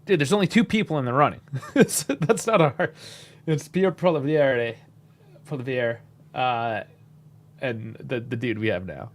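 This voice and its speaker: A man's voice: medium pitch, animated, normal speed. A man from Canada, hosting a casual live match reaction, chatty and laid-back with frequent chuckles and casual swearing. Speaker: host.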